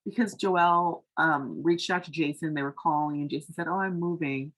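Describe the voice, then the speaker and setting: A woman's voice: low-pitched, steady tone, moderate pace, rough recording. A woman casually recapping a reality dating show, chatty and frank, with lots of fillers. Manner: chatty, loose, heavy on fillers like "um" and "like"; frank and opinionated. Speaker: TV recap vlogger.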